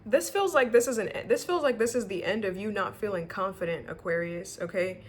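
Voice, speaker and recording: Talking briskly in a mid-range voice, this tarot reader gives an informal reading to camera, rambling with lots of restarts. She curses freely, gets emotional and often sounds near tears, and there is slight background noise.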